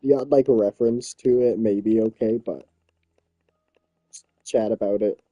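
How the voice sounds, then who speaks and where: Man, casual stream chat, very dark mellow tone, dry close sound, joking, swears a lot. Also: lowish voice, fairly even intonation, measured pace, no echo, lo-fi sound. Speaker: streamer and server owner.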